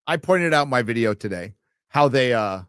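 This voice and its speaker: A man's voice: medium pitch, expressive, normal speed, a bit bright, smooth, dry recording, clean studio sound. A man hosting a casual late-night livestream, reading out viewer donations and rambling with wry, profane asides.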